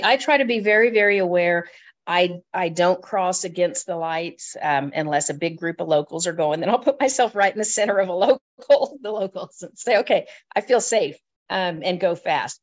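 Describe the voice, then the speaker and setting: Chatty woman travel advisor, lowish voice. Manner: chatty, repeats words while thinking. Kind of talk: casual radio chat.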